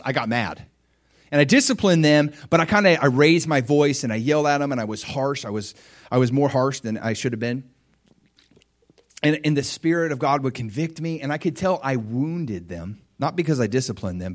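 A man preaching a sermon in a conversational storytelling way, earnest, dropping soft and low when he quotes gentle apologies. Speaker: pastor.

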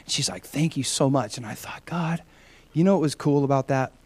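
A man's voice: medium pitch, moderate pace, a little mellow, slightly rough, dry recording. A middle-aged man preaching and telling personal stories, often acting out the people he quotes. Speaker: pastor.

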